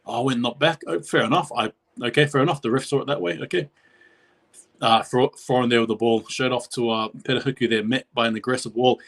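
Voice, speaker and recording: Guy doing live play by play on his stream, rambly, corrects himself, gets loud and high when something big happens. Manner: rambling, self-correcting, pitch jumps at big plays. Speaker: live stream reaction host.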